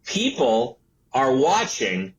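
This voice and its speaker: A man in his sixties recounts his early career as an interview guest, at a middle pitch. He tells the story with animated energy and slips into the voices of the people he quotes. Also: slow, a little hiss or hum, low-quality recording. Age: 60s. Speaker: entrepreneur and author guest.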